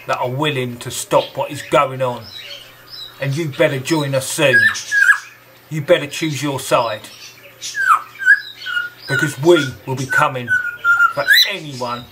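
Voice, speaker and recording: A man delivering an angry, confrontational monologue straight to the listener, scornful and deliberate. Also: medium pitch, very noisy.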